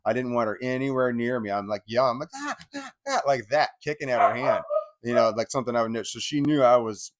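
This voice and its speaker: Over crowd noise, a man with a mid-range voice talks fast as he recounts a painful piece of his personal history for his channel. His telling is rambling and emotional, profane and packed with fillers.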